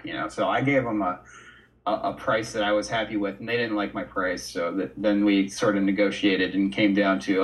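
A man with a fairly low voice tells stories in a laid-back way, like a guest on a casual podcast. He sits a little back from the microphone. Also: fairly quick, far from the mic, rough recording. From United States. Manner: relaxed storytelling, says "dude" and "man". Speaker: guest artist.

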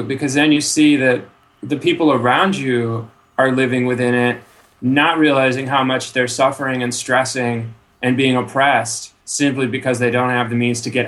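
A man chats loosely as a podcast guest in a voice of ordinary pitch. His talk rambles and drifts, he swears freely, and he leans on "you know" throughout. His manner is laid-back and unpolished. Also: fairly bright tone. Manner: trails off with frequent "you know". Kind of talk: casual chat.

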